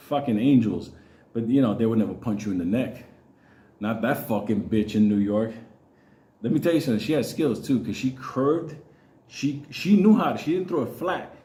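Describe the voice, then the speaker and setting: A middle-aged man hosts his own channel, telling rambling personal stories packed with profanity and laughing often. His voice sits in the mid range with a dark tone, recorded in an echoey room.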